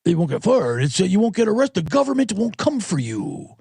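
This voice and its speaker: A man's voice: high voice, very animated, brisk, vocal fry, a little mellow, breathy edge, dry recording. A man hosting a podcast, rambling through a casual, irreverent and profane monologue into a close studio microphone. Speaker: podcast host. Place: home studio with monitors.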